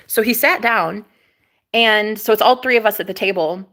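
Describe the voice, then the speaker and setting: Speaking at medium pitch and normal speed, a young woman chats animatedly through a personal story. She swears freely and performs the quoted voices of the people involved.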